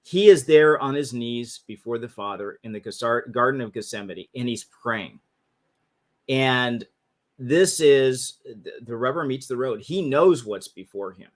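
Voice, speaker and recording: A man's voice: medium pitch, lively intonation, measured pace. A man hosting a livestream, explaining history in a casual teaching talk that often restarts its phrases. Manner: casual, restarts phrases, talks through slides. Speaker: host. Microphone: livestream mic.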